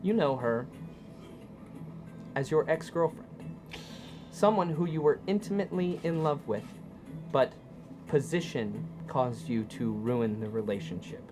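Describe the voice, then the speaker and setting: A man running a tabletop game as game master, describing characters and scenes in animated storytelling. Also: medium pitch, unhurried, pauses often, over music.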